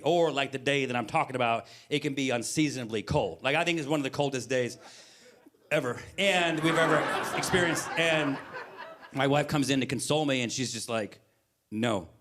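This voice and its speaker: A man in his forties doing stand-up storytelling on a live stage, animated and breaking into loud acted bits. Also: mid-range voice. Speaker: stand-up comedian.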